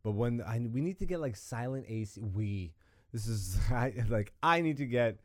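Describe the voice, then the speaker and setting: A young man hosts a loose, joking podcast chat with a very lively, swooping pitch, slipping into silly bits as he goes. The sound is close and dry, recorded in a small home studio. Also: normal speed, no echo. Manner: animated, joking, trails into bits and put-on voices. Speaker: podcast host. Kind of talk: casual comedic chat.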